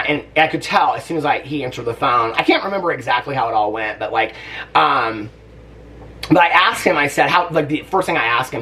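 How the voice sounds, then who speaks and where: A man's voice: medium pitch, sharp tone, recorded from a distance. A man in his thirties telling a personal story in a casual vlog, chatty and emotional, laughing often and close to tears at times. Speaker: vlogger.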